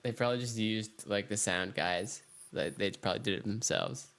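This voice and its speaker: A man's voice: on the low side, moderate pace, creaky, fairly bright tone. A man co-hosting a casual gaming podcast, laid-back, mostly giving short agreeing replies. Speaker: podcast co-host. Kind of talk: casual chat.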